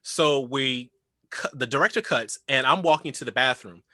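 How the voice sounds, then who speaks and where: A man co-hosting a casual chat show, telling an animated story and acting out what others said. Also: mid-range voice, normal speed, no room sound, clean studio sound. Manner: animated storyteller, acts out quotes. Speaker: co-host.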